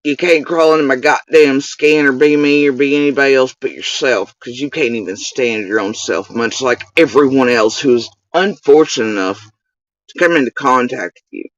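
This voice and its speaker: A man's voice: mid-range voice, normal speed, no room sound. Furious, profane man ranting at someone. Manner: profane, accusatory, insulting. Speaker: channel host. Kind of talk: angry direct-to-camera rant. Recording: dull lo-fi dry recording.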